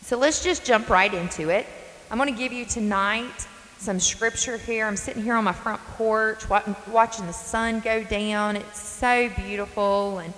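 Here is a podcast host in her forties, a Southern-accented woman from North Carolina, talking faith from her front porch. Her voice sits mid-range and leans a bit bright, her manner earnest, folksy and emphatic, while the audio carries long reverb and a faint hiss.

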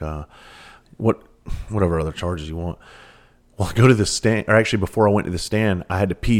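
A former police officer and firefighter, a man in his thirties, telling a story casually with plenty of swearing. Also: sits low. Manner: profane, laid-back storyteller with bursts of laughter.

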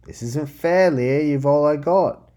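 A man voicing a loyal young woman ganger, pleading with her friend in rough slang. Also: mid-range voice, steady tone, moderate pace, mellow, close to an everyday voice.

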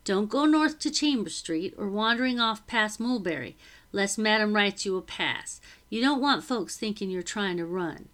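A woman reading aloud, voicing a bossy, chattering middle-aged housekeeper who scolds in brisk, rough speech. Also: mid-range voice, animated, fairly bright tone, lightly acted. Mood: scolding.

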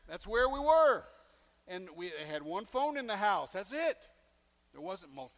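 A man preaching a sermon, telling a personal story and acting out the quoted lines with big swings in loudness. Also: high-pitched, very animated, unhurried. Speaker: pastor.

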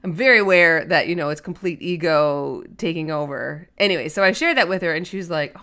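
A woman's voice: low-pitched, a little fast, hardly any pauses, fairly bright tone. A woman hosting a solo podcast in a chatty, earnest way, with many fillers. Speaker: podcast host. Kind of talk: casual solo podcast talk.

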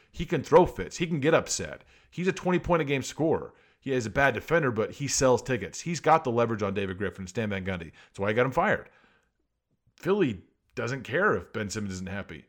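A man rants about sports in a casual monologue, piling up sarcastic rhetorical questions. His pitch swings widely as he argues, jumping up for the jabs and dropping low for the asides. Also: a bit bright. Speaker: sports commentator.

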